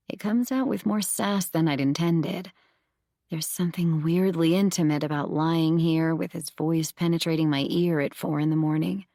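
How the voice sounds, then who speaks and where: A woman narrating a first-person thriller audiobook in a measured, intimate way, close to the mic. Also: on the low side, a little mellow, no echo.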